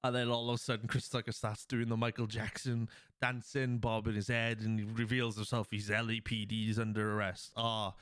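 Smooth-voiced man rambling through a film recap. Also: fairly low pitch, flat delivery, normal speed, fairly bright tone, no room sound, studio quality. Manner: rambling, heavy with fillers; acts out quoted lines. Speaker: podcast host. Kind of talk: casual film plot recap.

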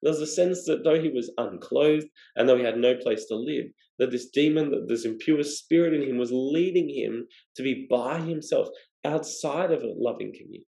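A man's voice: mid-range voice, normal speed, gravelly, warm tone, echoey room, poor audio. A man preaching a sermon, explaining scripture and asking rhetorical questions. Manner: expository, asks rhetorical questions.

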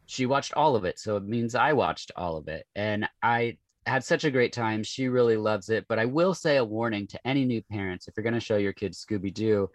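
A man who is a guest on a podcast, chatting casually and telling animated stories with laughter. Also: on the low side, brisk, hardly any pauses, no echo. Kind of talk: casual chat about movies.

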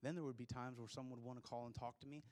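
A man's voice: medium pitch, steady tone, racing, darkish tone. A male pastor giving a sermon to his congregation, pressing his points with rhetorical questions and dropping into plain, conversational asides. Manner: emphatic preaching full of rhetorical questions.

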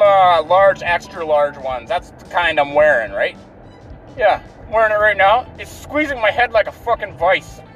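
High-pitched guy ranting and cursing in his car, fed up, faint music going. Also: a bit bright. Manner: profane, exasperated ranting. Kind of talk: ranting story.

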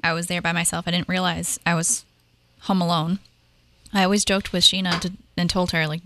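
A woman, likely in her thirties, telling paranormal stories in a casual, animated conversation, talking in quick bursts with fillers. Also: on the low side. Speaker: paranormal investigator, guest.

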